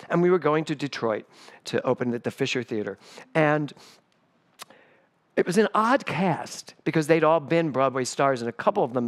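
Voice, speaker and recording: Animated man preaching a sermon. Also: on the high side. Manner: animated storyteller. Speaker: spiritual director. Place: church service.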